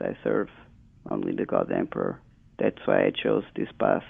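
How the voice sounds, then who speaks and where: Gravelly man on a phone-like line. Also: rumbling low, huge pitch swings, measured pace, no echo. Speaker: player. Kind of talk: playing a tabletop game. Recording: dry phone-like voice call.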